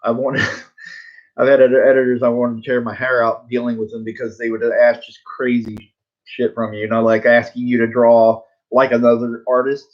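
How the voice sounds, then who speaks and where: A man's voice: medium pitch, monotone, moderate pace, highs cut off. A man in his forties, a comic book artist, telling a rambling story to viewers in a laid-back, tongue-in-cheek way. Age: 40s. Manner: rambling, full of fillers, laughs at himself.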